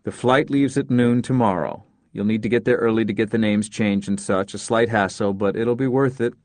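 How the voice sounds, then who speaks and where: A man plays a kindly, determined neighbor in a spoken story. He talks earnestly and pushes gently, staying near the reader's own low-pitched voice. The recording is dry and close. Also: moderate pace, dry recording, lightly acted. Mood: persuasive. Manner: earnest, persuasive, plain-spoken. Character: determined middle-aged neighbor, kindly and persuasive.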